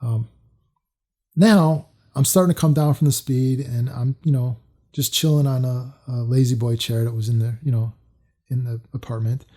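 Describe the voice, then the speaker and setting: A man's voice: medium pitch, steady tone, normal speed, dark tone. A man telling a personal story to camera in a loose, casual way, full of fillers and restarts. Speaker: storytelling vlogger.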